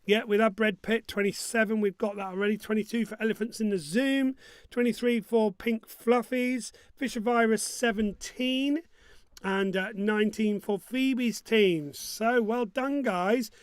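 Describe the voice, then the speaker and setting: A man's voice: high-pitched, fairly even intonation, a little slow, clean tone, no room sound. A man hosting an online pub quiz, joking along and humming his own jingles. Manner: jokey and upbeat, hums his own jingles.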